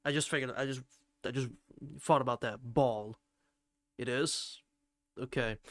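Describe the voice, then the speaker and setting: A man's voice: mid-range voice, animated, measured pace, long pauses, bright, forceful tone, dry recording, studio quality. A man streaming a game and chatting casually with viewers, playful and rambling, swearing now and then. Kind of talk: casual chat while playing a game.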